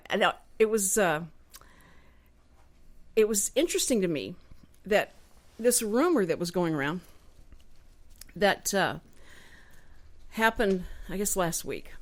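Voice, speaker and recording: A woman's voice: on the low side, no room sound. A woman hosting a talk radio show, chatting animatedly and laughing often.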